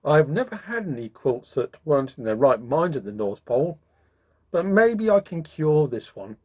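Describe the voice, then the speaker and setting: A man voicing a merry, kindly old Santa Claus who talks in a hearty, brisk way. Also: on the high side, very animated, a little mellow. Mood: reassuring.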